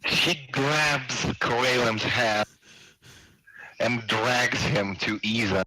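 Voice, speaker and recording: A man running a tabletop game as game master, narrating haltingly with many fillers. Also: mid-range voice, fairly even intonation, bright, forceful tone, dry recording, low-quality recording. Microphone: online voice call.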